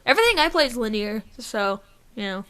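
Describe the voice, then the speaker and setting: Woman podcast co-host, slightly high, bright voice, casual and giggly, loose with swearing. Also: sing-song, fairly quick, clear, resonant tone. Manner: laughs often, swears casually. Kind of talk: casual chat.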